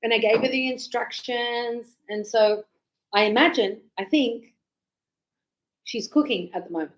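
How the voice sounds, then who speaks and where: Animated high-voiced woman teacher. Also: unhurried. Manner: animated, acts out little dialogues. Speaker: English teacher. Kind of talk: lively teaching explanation with acted examples.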